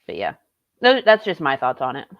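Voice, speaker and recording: A woman's voice: extremely low pitch, wildly swooping pitch, moderate pace, dull audio. A young woman streaming live, reacting in a blunt, profane and sarcastic way. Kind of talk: casual live-stream commentary.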